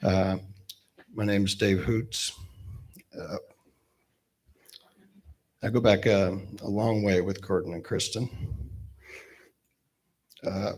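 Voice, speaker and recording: A man in his fifties giving a eulogy at a memorial gathering with gentle humor, pausing often with fillers. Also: low voice, steady tone. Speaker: eulogy speaker, best man.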